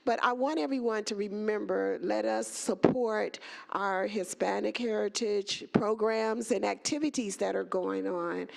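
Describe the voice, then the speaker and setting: A woman's voice: mid-range voice, fairly even intonation, a little slow, gravelly. A woman at a school board meeting speaking with gushing, exclamatory enthusiasm in a meeting room. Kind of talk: meeting remarks.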